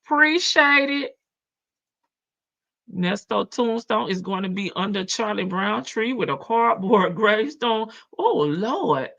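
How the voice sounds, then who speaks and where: Southern country lady streaming, gravelly and bright, laughs a lot, muffled lo-fi audio. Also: medium pitch, animated, measured pace, hardly any pauses. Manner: chatty, laughs often, drawls in a country way. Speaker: livestream reaction host. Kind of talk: casual live chat reading comments.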